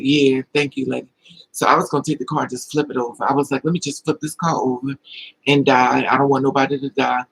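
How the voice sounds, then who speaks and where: A man's voice: mid-range voice, creaky, a bit bright, a little hiss or hum, low-quality recording. A man hosting a livestream, telling personal stories with emotion and replying to chat comments in a confiding way. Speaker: livestream host. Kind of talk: casual livestream talk, answering chat.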